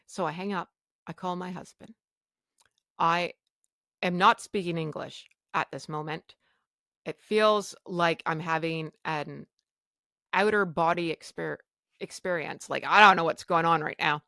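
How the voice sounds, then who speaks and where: A woman's voice: lowish voice, fairly even intonation, a little slow, long pauses, pushed and bright, dry recording, studio quality. A woman hosting her own podcast, telling a personal story in a frank, emotional way and swearing freely. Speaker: podcast host.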